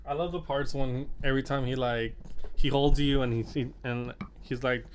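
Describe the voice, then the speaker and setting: A young man co-hosting a casual game chat, rambling with many halting restarts. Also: medium pitch, steady tone, slight background noise. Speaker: podcast co-host.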